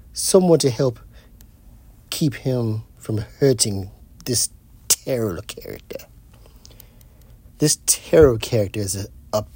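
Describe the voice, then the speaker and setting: A man voicing a prim, overly proper gentleman on an audition tape, formal, stiff and polite. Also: fairly low pitch, breathy edge, dry recording.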